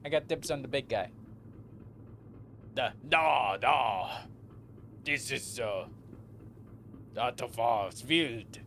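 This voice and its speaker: A male streamer voicing game lines with a friend in a playful, drawn-out way, with clear hiss behind. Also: medium pitch, a bit bright. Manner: playful, drawn-out, mumbling asides. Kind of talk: casual game voice-over with a friend.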